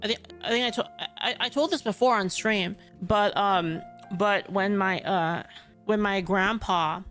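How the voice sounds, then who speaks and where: A woman's voice: medium pitch, measured pace, fairly bright tone, soft background music. A young woman on a stream, telling a story in a rambling way, full of "like" and swearing. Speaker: stream co-host. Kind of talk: casual storytelling.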